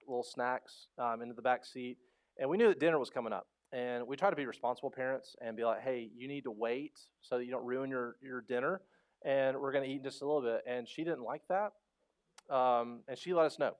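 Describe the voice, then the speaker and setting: Passionate pastor man preaching. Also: medium pitch. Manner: passionate, swings from loud pleading to soft. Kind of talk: sermon. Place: church sanctuary.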